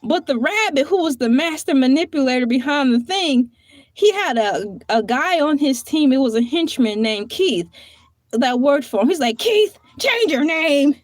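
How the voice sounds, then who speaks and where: A woman's voice: high voice, animated, normal speed, no echo. A woman hosting a casual livestream, chatty and playful, who laughs often and drifts from one topic to the next. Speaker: livestream host.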